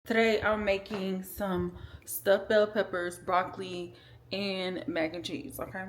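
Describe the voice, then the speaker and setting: This vlogger, a woman in her 20s, speaks in a medium-pitched, level voice at a measured pace as she cooks in her home kitchen. She chats casually and profanely, addressing viewers directly with storytime. Loud background noise and room echo fill the recording.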